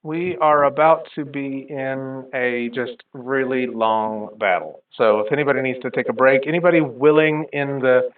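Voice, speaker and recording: A man narrating as game master of a tabletop superhero game, chatty and quick to apologize and laugh. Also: mid-range voice, dry recording. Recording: phone-like online call.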